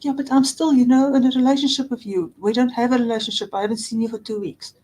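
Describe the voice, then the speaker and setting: A woman's voice: on the high side, fairly even intonation, fast talker, darkish tone, poor audio. A middle-aged woman counselor explaining relationship patterns in an earnest, repetitive way, often restarting phrases and voicing example quotes. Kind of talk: talking-head advice video.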